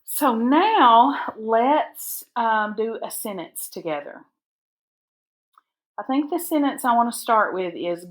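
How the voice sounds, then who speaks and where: A woman teacher, dictating spelling words and breaking them into syllables slowly and carefully for a recorded lesson. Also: a little high, lively intonation. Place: recorded for an online video lesson.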